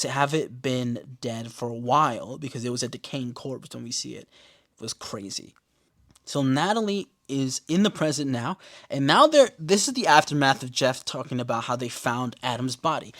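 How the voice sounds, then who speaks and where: Dude recapping a tv show, swears a lot, does quick little voices for the characters, mid-pitched. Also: male voice. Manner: animated, profane, acts out characters' lines in quick put-on voices. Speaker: podcast host recapping a TV show. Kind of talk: casual recap chat.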